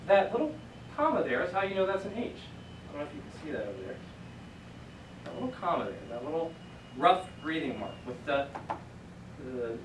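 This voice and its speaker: A man's voice: a little high, fairly bright tone, a little hiss or hum. A man teaching Greek to a class, explaining patiently step by step in a casual lecture. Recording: echoey classroom from a distant camera.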